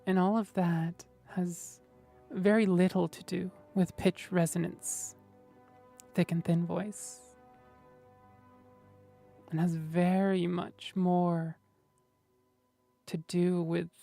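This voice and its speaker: A woman hosting a relaxed livestream, talking through voice technique at an unhurried, slow pace. Her tone is low and mellow, gentle and thoughtful, with soft music playing faintly underneath. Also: gravelly. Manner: gentle, thoughtful, explaining, often adds "right?". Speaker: streamer host. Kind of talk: casual livestream chat about voice technique.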